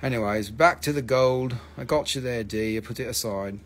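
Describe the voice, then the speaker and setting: A man's voice: medium pitch, moderate pace, slight background noise. A man hosting a casual live stream that sells minerals, talking loosely and joking around, swearing now and then and spelling out stone names, on a phone mic.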